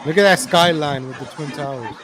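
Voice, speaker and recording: A man ranting in exasperation over video clips, talking straight to his audience as ladies and gentlemen. His voice sits slightly high. A faint noise floor runs under the recording. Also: brisk, crowd noise. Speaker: commentator reacting to videos.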